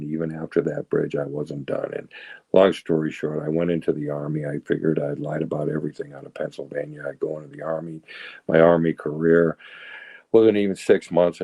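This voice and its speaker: Gravelly low-voiced man in his sixties. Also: warm tone, dry recording. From south of Boston, Massachusetts. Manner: rambling, tags lines with "right?" and "you know". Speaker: recovery speaker. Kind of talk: personal recovery storytelling.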